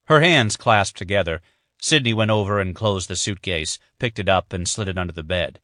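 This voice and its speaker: Guy reading a thriller audiobook, low voice, measured, dry close sound. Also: fairly bright tone, no echo. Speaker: audiobook narrator. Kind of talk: scripted narration.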